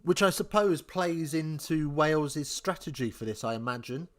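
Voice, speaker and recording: A man's voice: fairly high pitch, lively intonation, moderate pace. A young man from England hosting a live rugby watch-along, chatting casually, thinking aloud and answering viewers as he follows the match.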